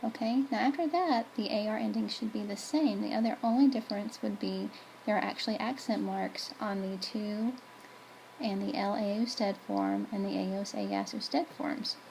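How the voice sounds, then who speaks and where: Casual woman teacher explaining grammar, low mellow voice with a bit of fry. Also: moderate pace, a little hiss or hum, low-quality recording. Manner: chatty, self-correcting at the board. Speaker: Spanish teacher. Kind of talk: classroom video lesson.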